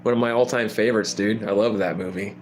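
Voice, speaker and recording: A man's voice: fairly low pitch, fairly even intonation, fast talker, slight background noise. A man in his thirties hosting a casual guitar livestream, laid-back and chuckling, saying "man" and "dude" a lot. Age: 30s. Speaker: livestream host.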